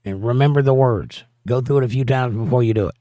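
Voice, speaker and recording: A man's voice: mid-range voice, fast talker, mellow, no echo. Man casually reading out live chat. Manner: reads chat messages aloud and answers with dry jokes. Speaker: livestream host reading viewer chat.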